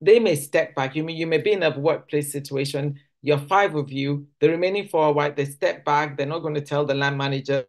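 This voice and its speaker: At a church service, a woman from Nigeria delivers a conversational teaching talk, often starting sentences over and performing quoted lines. Her voice sits low, and she talks a little fast with few pauses.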